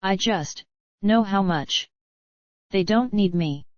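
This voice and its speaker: Woman reading a screenplay out loud, slow and flat, says who's talking first, muffled dry recording. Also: medium pitch, no room sound. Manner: flat reading that names each speaker before the line. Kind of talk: reading a screenplay aloud, all roles.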